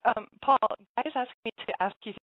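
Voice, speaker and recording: A woman's voice: a little high, fairly quick. A woman's voice with a slightly dull, lo-fi sound and no room echo, hosting an internet radio show. She chats in an easygoing, apologetic way and laughs readily. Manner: apologetic, chatty, laughs easily. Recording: dull lo-fi audio, dry.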